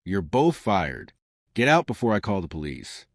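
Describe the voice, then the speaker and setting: A man plays a wealthy middle-aged father with a cold, controlling edge, clipped and condescending in every line. The voice sits fairly low and swings widely in pitch. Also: wildly swooping pitch, moderate pace, dry recording, clean studio sound, heavily acted. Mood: cold menace.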